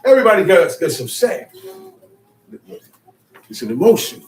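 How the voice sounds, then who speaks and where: A man leading a bible study, emphatic and animated, acting out quotes and sometimes shouting. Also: high voice, moderate pace. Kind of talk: animated spoken teaching. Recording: echoey room, mic far off, faint noise.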